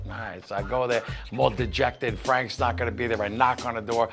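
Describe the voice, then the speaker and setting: A man's voice: medium pitch, fairly even intonation, a bit bright, faint music behind. A man, a veteran musician, telling a story about his youth and acting out the people in it. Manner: fast, gravelly, acts out quotes. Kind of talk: casual storytelling.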